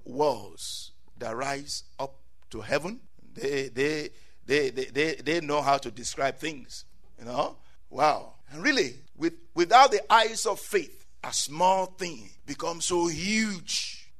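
Man preaching, high voice, bright tone, emphatic, repeats phrases, sermon. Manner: emphatic, repetitive, calls out amen.

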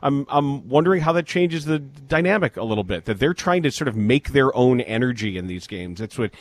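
A man hosts a sports talk segment in a measured, even voice, working through statistics with small halting restarts. His pitch sits in an average range. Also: no room sound.

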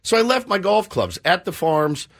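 This high-pitched man talks at a normal speed while hosting a radio show. He's middle-aged and spins a self-deprecating yarn with lively energy, slipping into the voices of the characters as casual banter.

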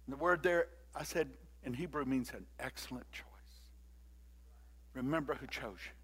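An older man preaching a sermon and leading the congregation in call-and-response, moving between quiet talk and loud exhortation. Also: mid-range voice, moderate pace, slightly rough. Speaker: pastor.

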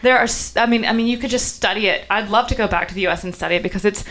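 A woman in her thirties from the Southern United States, with a faint Southern accent and a mid-range, somewhat bright voice, talks very fast as a guest journalist in a casual interview, full of fillers and restarts.

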